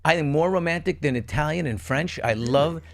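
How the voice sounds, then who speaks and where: A man's voice: on the high side, brisk, vocal fry, fairly bright tone. A man co-hosting a talk show, chatting casually in a playful, gossipy way.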